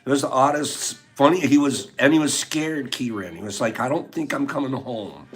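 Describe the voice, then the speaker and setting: A man co-hosting a casual podcast chat, expressive and eager, with frequent laughter. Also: mid-range voice, normal speed, breathy edge, faint music behind.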